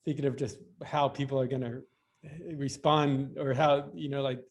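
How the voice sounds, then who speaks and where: A man's voice: medium pitch, level tone, normal speed. A man who is a guest on a podcast, telling long stories in casual talk with many restarts and fillers. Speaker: guest, BMX rider. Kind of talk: casual interview storytelling.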